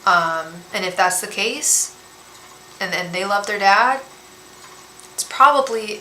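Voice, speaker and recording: A woman reading tarot cards on a live stream, talking gently and emotionally, often repeating and restarting her words. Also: medium pitch, a little slow. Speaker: tarot reader and psychic medium. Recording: echoey room with faint background hiss.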